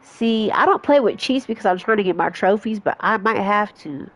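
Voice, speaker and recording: A woman's voice: medium pitch, lively intonation, moderate pace. A woman giving casual, rambling commentary as she plays a life simulation game, with frequent restarts and asides to her viewers. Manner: chatty, rambling with restarts and self-corrections. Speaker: gaming vlogger.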